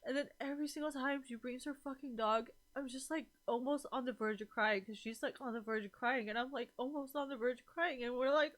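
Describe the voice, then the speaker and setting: A woman's voice: high-pitched, steady tone, a little fast, a bit bright. Rambling, emotional young woman streamer. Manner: rambling, emotional and profane, with many fillers. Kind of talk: casual livestream chat.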